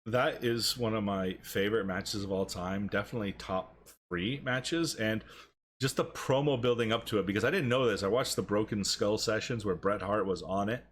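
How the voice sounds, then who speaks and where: A man co-hosting a wrestling podcast in casual, profane chat, acting out quotes with excited jumps in pitch. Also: normal speed, slight background noise. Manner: animated, profane, acts out quotes with rising pitch. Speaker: podcast co-host.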